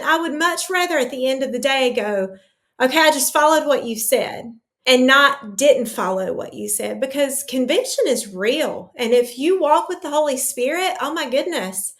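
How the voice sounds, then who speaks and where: A woman's voice: high-pitched, a bit bright. A woman yoga teacher speaking earnestly and emotionally about her faith in an interview. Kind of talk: faith-centered interview talk.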